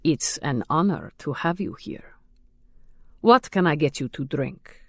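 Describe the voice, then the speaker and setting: A woman voicing a suave, menacing male nightclub owner with a trace of an Eastern European accent, speaking smoothly and unhurriedly. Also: deep voice, expressive, no echo, clean studio sound, exaggerated voice. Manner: smooth, unhurried, quietly mocking.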